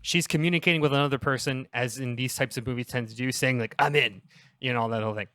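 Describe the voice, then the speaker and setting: A young man on a casual comedy podcast, pitching a story in a rambling, self-interrupting way and laughing at his own jokes. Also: fairly even intonation, fast talker, sharp tone, clean tone, no room sound.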